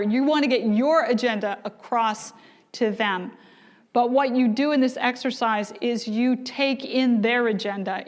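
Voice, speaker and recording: A middle-aged woman telling stories and asking her audience questions in a sermon-style talk. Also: a little high. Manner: storytelling, acts out quoted voices, asks the audience questions. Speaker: speaker. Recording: long reverb of a large hall.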